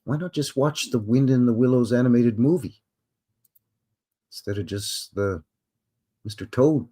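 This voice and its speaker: A man's voice: medium pitch, unhurried, mellow, husky. A man hosting a casual live stream, chatting, reading aloud and adding asides.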